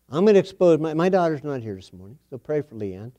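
A man's voice: a little high, very animated, quick pace, few pauses, warm tone. A middle-aged man preaching a sermon, telling a homespun family story with a folksy, repetitive style. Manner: folksy storytelling, repeats phrases for emphasis.

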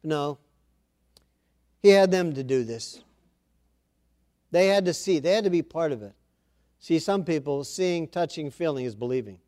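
A man's voice: fairly high pitch, lively intonation, unhurried, pauses often, warm tone, no echo, studio quality. A man preaching an informal Bible-study sermon, reading scripture aloud and then commenting in a chatty way with asides.

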